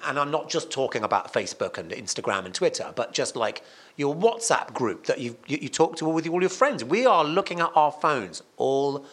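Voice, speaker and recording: A man, a radio presenter and songwriter guesting on a podcast, telling a story in an animated, emphatic way, restarting and repeating himself often. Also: fairly high pitch, moderate pace. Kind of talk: casual conversational storytelling.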